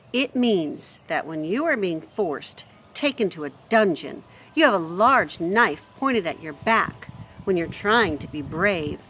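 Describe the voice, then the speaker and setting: A woman reading a chapter book aloud to children in a gentle manner, talking to her listeners and explaining words as she goes. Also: mid-range voice, slight background noise. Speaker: storybook reader. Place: home near a street.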